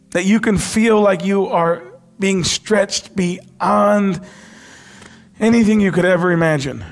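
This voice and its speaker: A man preaching a sermon as pastor, impassioned, dropping to a hush when he quotes. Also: sits high. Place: church sanctuary.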